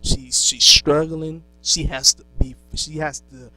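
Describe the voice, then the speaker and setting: A man's voice: on the high side, little pitch movement, slow, pushed and bright, no room sound, poor audio. A man lecturing in a preachy monologue, asking rhetorical questions and answering them himself, with many fillers and restarts. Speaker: speaker lecturing young black men.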